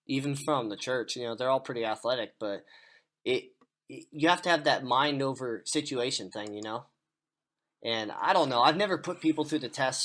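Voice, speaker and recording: A man's voice: medium pitch, fairly bright tone. A man co-hosting a podcast, chatting casually, swearing often and telling rambling stories. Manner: profane, rambling storyteller; acts out voices in his stories. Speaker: podcast co-host.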